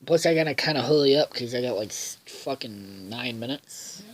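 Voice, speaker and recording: A man's voice: medium pitch, animated, normal speed, breathy edge, rough recording. A man casually recapping a cartoon episode, rambling with lots of fillers, swearing freely and losing his train of thought. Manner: loses track and backtracks. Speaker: episode reviewer.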